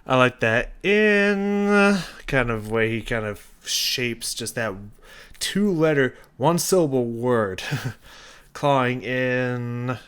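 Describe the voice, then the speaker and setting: A man's voice: mid-range voice, expressive, slow pace, fairly bright tone, clean tone, faint music behind. A man casually breaking down a song as a reaction host, rambling and thinking aloud with many restarts and fillers. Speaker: music reaction youtuber.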